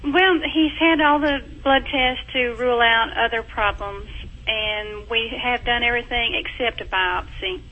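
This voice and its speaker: A woman's voice: fairly high pitch, measured pace, narrow, tinny audio, a little hiss or hum. A woman calling in over the phone, asking a question a bit hesitantly. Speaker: caller.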